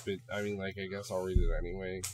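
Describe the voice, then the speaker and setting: A young man from Ohio hosting a casual podcast, telling stories with plenty of swearing and animated emphasis. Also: deep voice, fast. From Ohio, USA. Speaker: podcast host.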